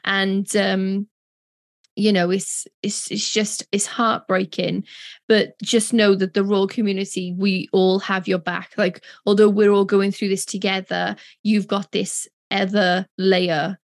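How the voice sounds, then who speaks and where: A woman's voice: mid-range voice, level tone, unhurried, dry recording. A woman co-hosting a podcast, speaking in a heartfelt, rambling way. Her voice sits in a middle register and is recorded dry and close, with no room sound. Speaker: podcast co-host. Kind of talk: casual chat.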